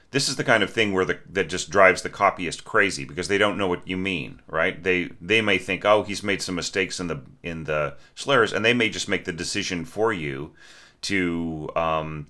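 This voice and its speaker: Deep, bright-voiced male orchestration teacher. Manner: conversational, asks questions, sings short notes. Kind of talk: spoken score critique.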